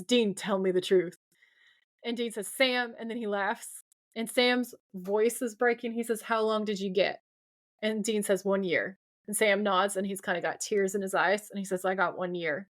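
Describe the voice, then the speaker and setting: A young adult woman co-hosts a podcast, recapping TV scenes in a casual chat and gushing as she quotes the dialogue. Her voice is mid-range and her pace moderate.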